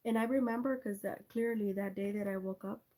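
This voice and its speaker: A woman's voice: mid-range voice, steady tone, brisk, dark tone. A woman hosting a live stream from her cell phone, telling a rambling story in a chatty way and talking to her viewers by name. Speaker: livestream host.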